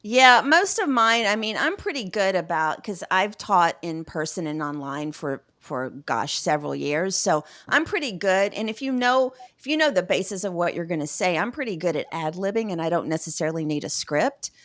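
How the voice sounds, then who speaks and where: A woman's voice: lowish voice, moderate pace, hardly any pauses, no echo. Southern woman, dry close sound. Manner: laughs often, relaxed. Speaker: podcast co-host. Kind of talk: casual chat.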